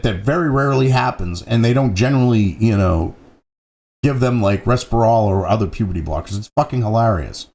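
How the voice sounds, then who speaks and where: A man's voice: medium pitch, gravelly, a little mellow. A man hosting a profane, angry political commentary rant, swearing constantly and mocking opponents.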